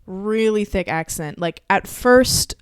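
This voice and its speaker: A young woman from Texas co-hosts a podcast and tells family stories in a loose, chatty way, full of fillers and laughter. Her voice is smooth and clear, at a middle pitch. The sound is dry and close. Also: expressive, slow pace, dry recording. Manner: chatty storyteller, laughs often, lots of fillers. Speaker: podcast co-host. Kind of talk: casual chat.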